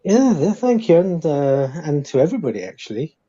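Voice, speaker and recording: A man hosting a casual livestream chat, joking around and slipping into quick impressions of people. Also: on the high side, sing-song, warm tone, slightly rough, highs cut off. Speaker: stream host.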